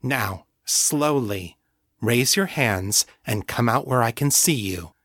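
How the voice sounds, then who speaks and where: A stern middle-aged mother with a shotgun, as a male narrator puts her on, gives orders in a loud, clear, icily calm voice. The slow, dry audiobook read keeps every word close and crisp. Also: extremely low pitch, no echo, exaggerated voice. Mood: cold commanding. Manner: loud, clear, cold, commanding.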